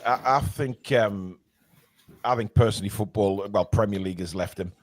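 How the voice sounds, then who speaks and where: A man's voice: lowish voice, normal speed. A man hosting a casual fan podcast, rambling and laughing as he reads out viewer comments. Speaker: host of a fan forum show.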